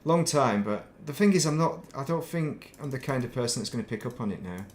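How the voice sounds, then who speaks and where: A man with a softened northern English accent talks in a loose, meandering way, drifting from thought to thought. He is a middle-aged game streamer chatting casually as he plays, with a mid-range everyday voice. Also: medium pitch, expressive, brisk, a little hiss or hum. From northern England. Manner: rambling, thinks aloud, laughs at himself. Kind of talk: casual chat while playing.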